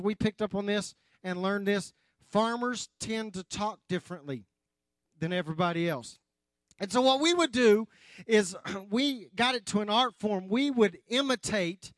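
A man's voice: high voice, fairly bright tone, dry recording. A man preaching a sermon as pastor, folksy and chatty with the congregation, often restarting and adding asides.

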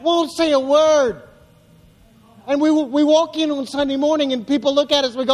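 Male pastor, very high voice, emphatic preaching with repetition, long hall reverb. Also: unhurried. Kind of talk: sermon. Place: church.

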